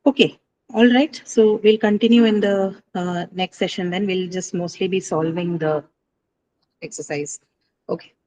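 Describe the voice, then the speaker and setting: Brief: slightly low-voiced woman teacher, patient, corrects step by step in an online lesson. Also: fairly even intonation, measured pace, dark tone, poor audio. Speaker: English teacher. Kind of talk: online class Q&A. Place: online video class.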